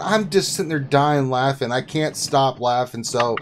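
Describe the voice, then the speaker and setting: A man hosting a casual livestream chat, telling stories in an excitable way and laughing often. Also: mid-range voice, moderate pace, a little hiss or hum. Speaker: host.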